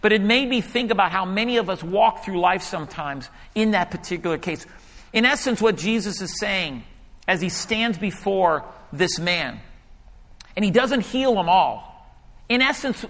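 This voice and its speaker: Bright-voiced pastor preaching in a reverberant hall. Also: male voice, high voice. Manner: storytelling, animated, hushed in prayer. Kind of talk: sermon.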